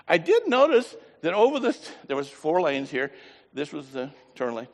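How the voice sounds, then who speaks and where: Animated man preaching in a reverberant hall. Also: fairly high pitch, normal speed. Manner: animated, folksy storytelling with voiced asides. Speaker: pastor. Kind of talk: storytelling sermon.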